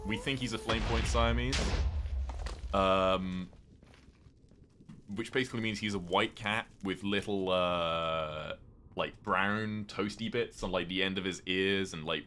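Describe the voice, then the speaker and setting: British man, very low voice, streamer, rambling casual chat, soft rain noise behind. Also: steady tone, measured pace, long pauses. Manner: rambling, chatty, reads viewer messages aloud.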